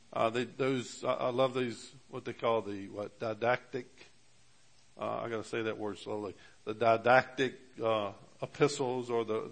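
A man's voice: mid-range voice, vocal fry, a bit bright. A man preaching a sermon as pastor, with emphatic rises on key words and many fillers and restarts. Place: church.

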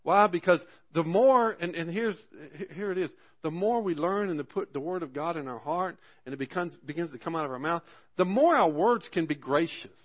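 A man's voice: fairly high pitch, animated, moderate pace. A man, preaching a sermon in a folksy storytelling way, often stopping to ask the congregation for an amen. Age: 40s. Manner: folksy storytelling with frequent restarts and call-and-response "amen". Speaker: pastor.

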